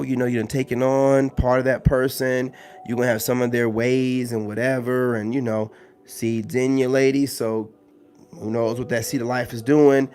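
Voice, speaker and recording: A man's voice: medium pitch, a little mellow. A man hosting a casual live stream, talking loosely with lots of slang and filler phrases. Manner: loose, slangy, full of "you know what I'm saying" fillers.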